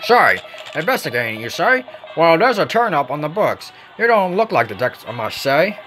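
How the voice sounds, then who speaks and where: Pompous chatty reporter, put-on accent, animated pitch; man voicing. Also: brisk, faint music behind. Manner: wordy and pompous, stumbling over long words.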